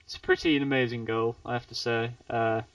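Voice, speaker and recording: A man's voice: medium pitch, fairly even intonation, fairly quick, fairly bright tone, no echo. A man from the UK hosting a casual podcast chat, rambling with frequent laughs. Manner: laughs often, rambling with restarts. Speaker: podcast host. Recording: dull, distant podcast mic.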